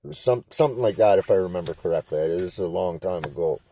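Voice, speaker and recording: A man's voice: low voice, expressive, fast, mellow, a little hiss or hum. A man from Canada telling a rambling, profane story in casual talk. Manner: rambling, profane, laid-back. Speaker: interviewee.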